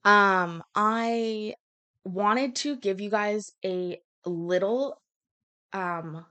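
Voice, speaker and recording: A woman's voice: medium pitch, very slow, sharp tone, clear, resonant tone. A woman hosting a casual livestream, chatting in a rambling way with frequent fillers. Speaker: livestream host.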